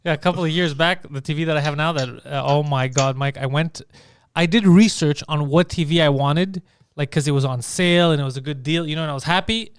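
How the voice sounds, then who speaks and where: Fast-talking man telling a story. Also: on the high side, clean tone, no room sound. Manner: animated storyteller, swearing, acting out his own angry outbursts. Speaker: podcast co-host. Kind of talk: casual comedy podcast chat.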